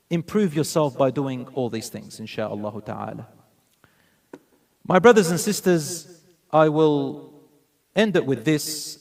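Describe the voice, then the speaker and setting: A man delivering a sermon in an earnest, storytelling manner. His voice sits a little higher than most men's, and he leaps up in pitch when he acts out a story. He weaves Arabic phrases into his teaching. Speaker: preacher.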